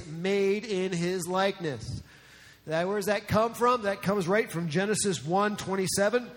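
A man from New Jersey preaching a sermon as a pastor, in a conversational, joking way. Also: high voice. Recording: long reverb in a large hall.

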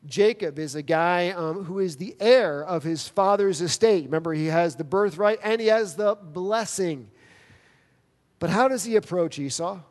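A man preaching a sermon as pastor, earnest and emphatic, with dramatic pauses. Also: high-pitched, a little mellow. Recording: long reverb of a large hall.

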